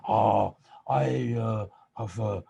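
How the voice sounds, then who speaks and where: A man impersonating a sly, playful elderly monk, speaking halting broken English full of pauses. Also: on the low side, gravelly, warm tone, slight background noise, exaggerated voice. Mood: sly, musing.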